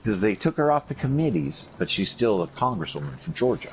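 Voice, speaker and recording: A man recovering from surgery, telling profane, animated stories in a casual chat. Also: lowish voice, brisk. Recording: dull lo-fi recording with faint noise.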